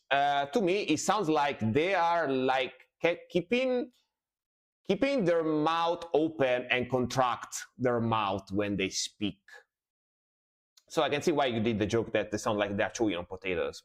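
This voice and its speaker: A man reacting to music on a live stream, casual and rambling, with many fillers and repeated words. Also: mid-range voice.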